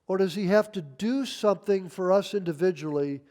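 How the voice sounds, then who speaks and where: High-voiced emphatic older preacher, man. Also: moderate pace, darkish tone. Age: 60s. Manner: emphatic, folksy, reads scripture aloud. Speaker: pastor. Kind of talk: sermon.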